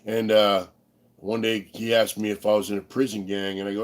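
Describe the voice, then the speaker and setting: A middle-aged man with a fairly low voice spins loose, profane stories full of fillers. He talks in an easy, laid-back way as a livestream co-host. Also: level tone, a little fast. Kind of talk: casual storytelling chat.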